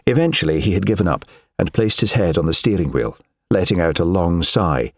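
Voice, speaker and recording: A man narrating an audiobook in a measured, expressive storytelling manner. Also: low-pitched, no echo, studio quality. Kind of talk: scripted narration.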